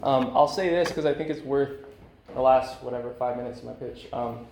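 A man's voice: mid-range voice, brisk, darkish tone, slight background noise. A man in his thirties speaking at a recovery meeting, candid and rambling with many fillers. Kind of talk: personal recovery talk. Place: meeting room. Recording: echoey room, faint ambience.

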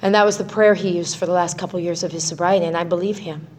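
A woman's voice: on the low side, fairly even intonation, quick pace, a little mellow. A middle-aged woman sharing her recovery story in a personal testimony talk, speaking conversationally with many "right?" tags and restarts.

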